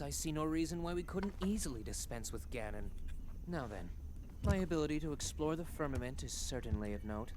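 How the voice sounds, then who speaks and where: A man's voice: medium pitch, lightly acted. A man voicing an arrogant, boastful male bird warrior and archer in a video game. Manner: condescending, boastful. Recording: noisy game audio.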